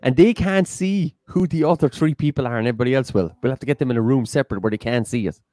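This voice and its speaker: A man's voice: mid-range voice, quick pace, warm tone, no room sound, clean studio sound. A man co-hosting a live-streamed quiz, reading questions and options aloud in a playful way. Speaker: quiz co-host.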